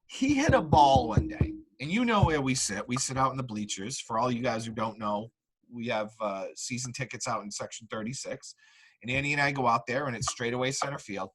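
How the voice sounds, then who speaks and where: In a low-quality recording, a male sports podcast host with a medium pitch talks a little fast, rambling through lively stories and using plenty of fillers.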